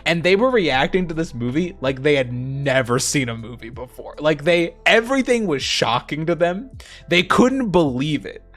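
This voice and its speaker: A young man co-hosting a stream, telling rambling, animated stories in casual chat. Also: fairly high pitch, moderate pace, soft background music. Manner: animated storytelling, rambling with restarts. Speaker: streamer co-host.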